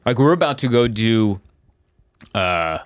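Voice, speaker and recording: A man's voice: fairly low pitch, expressive, measured pace, smooth, no echo, studio quality. Rambling, self-mocking man host. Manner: rambling, self-deprecating storyteller. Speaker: podcast host. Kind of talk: casual chat.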